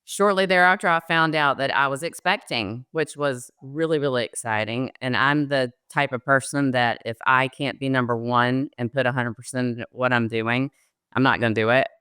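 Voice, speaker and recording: A woman's voice: extremely low pitch, fairly even intonation, moderate pace, sharp tone, clear, resonant tone, dry recording, studio quality. A middle-aged woman with a Southern American accent, telling her career story as an interview guest with plenty of ums. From Southern United States. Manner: chatty storyteller, frequent ums, laughs easily. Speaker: guest, loan officer. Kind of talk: conversational interview.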